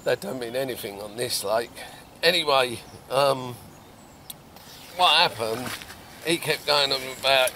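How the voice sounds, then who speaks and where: A middle-aged man, a carp angler, telling a fishing story outdoors by a lake in a lively, animated way with loud bursts. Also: medium pitch, a little slow, noisy background. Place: outdoors at a lakeside swim.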